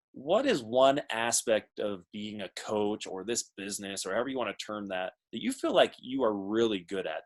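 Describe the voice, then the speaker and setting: A man's voice: lowish voice, fairly bright tone, rough recording. A man in his thirties on a video call from a small home alcove, talking to a team in a friendly, chatty, self-deprecating way. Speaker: guest speaker, corporate mentor.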